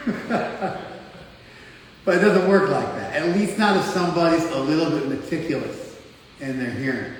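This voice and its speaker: A fairly high-pitched American man, a spiritual teacher, delivers a casual lecture to a group in a classroom. His manner is joking and teasing, conversational with lots of "like," and the echoey hall, distant mic, and slight background noise color the sound.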